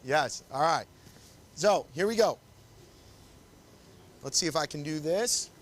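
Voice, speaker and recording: Male photographer-instructor, high-pitched, encouraging, keeps directing poses on a body mic. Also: expressive, slow pace. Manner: upbeat, coaxing, directs the couple constantly. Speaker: wedding photographer teaching. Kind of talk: live posing demonstration. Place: confined indoor shooting space.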